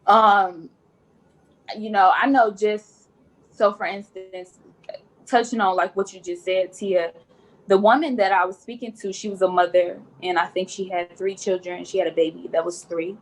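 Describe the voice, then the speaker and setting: A woman's voice: mid-range voice, steady tone, normal speed, rough recording. Earnest woman nurse, repeats for emphasis. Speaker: nurse guest. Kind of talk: podcast interview.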